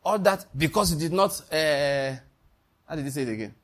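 A man's voice: fairly high pitch, a little fast, fairly bright tone. A man with a Nigerian accent preaching a sermon, emphatic and repetitive, often quizzing his listeners. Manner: emphatic, repeats key lines, quizzes the listeners.

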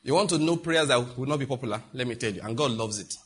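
Husky-voiced African pastor preaching emphatically. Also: male voice, medium pitch, fast talker. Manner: emphatic, mocking preaching with sudden loud outbursts. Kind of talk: sermon.

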